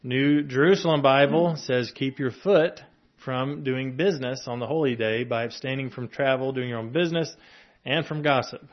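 A man's voice: mid-range voice, moderate pace, muffled recording. A man preaching a sermon in a conversational way, reading scripture and adding asides with small chuckles and fillers. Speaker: pastor.

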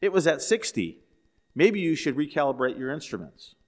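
A man's voice: on the high side, very animated, moderate pace. A man voicing a grumpy husband in a joke, growling his words through clenched teeth. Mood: excuse-making. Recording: echoey hall.

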